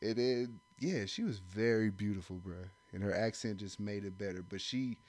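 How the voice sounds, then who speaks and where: A man's voice: fairly low pitch, normal speed, darkish tone. A young man in casual chat, telling a loose, slangy story with plenty of profanity. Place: indoor room.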